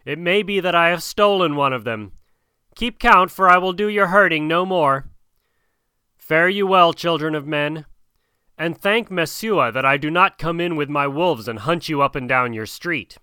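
Man reading as a defiant jungle boy, storybook voice, bright tone, lively pitch. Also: a little slow, smooth, no echo, heavily acted. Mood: scornful. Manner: commanding, scornful. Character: young jungle-raised boy, proud and defiant.

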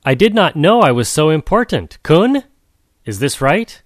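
A man's voice: on the high side, sing-song, unhurried, no echo, voice pushed up. Man doing a proud demanding crab, storybook, insistent bargaining, dry close sound. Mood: boastful. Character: proud soft-shelled male crab, demanding.

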